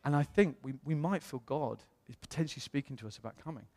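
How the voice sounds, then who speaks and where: British male pastor, lively storytelling sermon, slightly high voice, long church-hall reverb. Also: fast talker. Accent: British English. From England. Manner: animated storyteller, acts out quoted voices. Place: church auditorium.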